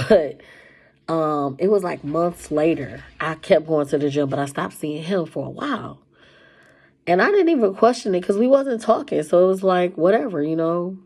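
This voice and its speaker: A woman casually telling a personal story to camera, animated and colloquial, her voice jumping high when she quotes herself. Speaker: storyteller sharing a personal testimony.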